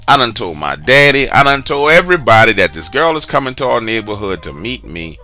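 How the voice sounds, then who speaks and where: Animated, bright-voiced male storyteller. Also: medium pitch, fairly quick. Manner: animated, talks straight to the listener with slang asides. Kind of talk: casual first-person storytelling.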